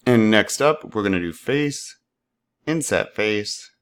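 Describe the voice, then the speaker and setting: Man, tutorial teacher, upbeat and playful, fairly low voice, desk mic. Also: expressive, takes it slowly, clean tone. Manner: upbeat, playful sound effects. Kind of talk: screen-recorded tutorial.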